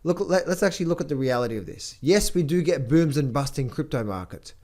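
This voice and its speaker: A man's voice: on the high side, lively intonation, a little fast, a little mellow. A man giving casual market commentary as a trading educator, blunt and rambling, with many repeated words.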